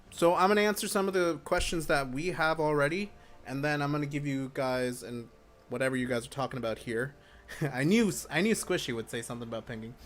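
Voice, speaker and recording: Here a man speaks in a mid-range, fairly bright voice while hosting a relaxed game-community livestream Q&A. Gum in his mouth and full of hyper energy, he fields viewer questions in a talkative, meandering way, interrupting himself again and again.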